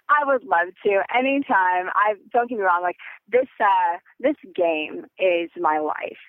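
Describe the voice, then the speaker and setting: A young woman on a phone call as a podcast guest, talking in an excitable, rambling way with many fillers. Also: mid-range voice, slow, dry recording. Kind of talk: phone interview. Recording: tinny phone line.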